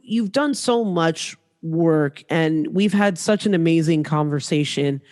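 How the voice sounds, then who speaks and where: High, slow-talking male host, encouraging, recorded in a room with long reverb. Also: darkish tone. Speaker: podcast host. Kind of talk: interview hosting.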